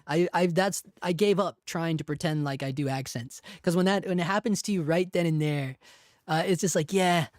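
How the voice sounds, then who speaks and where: A man's voice: on the high side, normal speed, no echo, clean studio sound. Chatty self-deprecating male live-show host. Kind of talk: casual live chat, storytelling.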